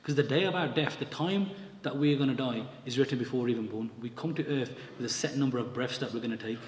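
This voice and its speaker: Male religious storyteller, brisk delivery, distant mic in a reverberant hall with faint background ambience. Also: medium pitch, a little hiss or hum. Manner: lively storyteller acting out quotes, mixing in Punjabi. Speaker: Sikh scripture teacher.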